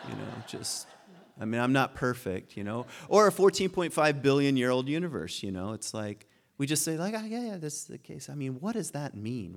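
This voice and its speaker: Musing man giving a wry lecture. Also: medium pitch. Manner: musing, wry, laughs at his own points, many restarts. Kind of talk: informal philosophy lecture to a class.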